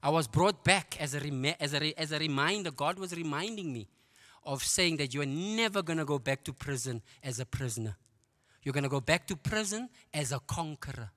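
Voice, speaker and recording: Standing before a men's conference in a church auditorium, a middle-aged South African guest speaker shares his testimony, telling it with energy and quick asides. His bright, forceful voice sits a little high and echoes with the lingering reverb of the big hall.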